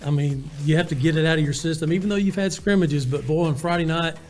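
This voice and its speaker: Sports interviewer, fairly high voice. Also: male voice, fast. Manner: conversational, with fillers. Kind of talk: interview questions.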